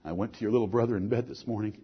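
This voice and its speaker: A middle-aged man preaching a sermon, earnest, moving between soft asides and forceful lines. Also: fairly low pitch, steady tone, very fast, slightly rough, highs cut off.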